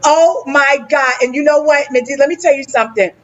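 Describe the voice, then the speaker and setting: A woman's voice: high-pitched, brisk, highs cut off. A woman with a New Jersey accent hosting a live virtual event, effusive and emotional, often saying she is about to cry. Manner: effusive, repeats "let me tell you something". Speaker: host.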